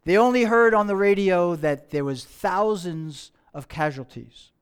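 A man preaching a sermon, telling a story with slow dramatic pauses and dropping to soft tones. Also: high voice, smooth.

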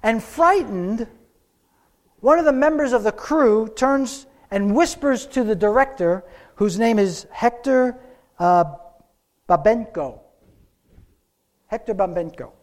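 A man preaching a sermon, telling a story with slow, dramatic pauses. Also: sits high, expressive.

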